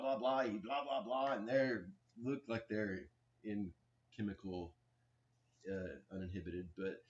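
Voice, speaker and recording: A man in his forties giving a rambling, aggrieved personal account, halting often with restarts and fillers. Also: mid-range voice. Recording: dull lo-fi recording.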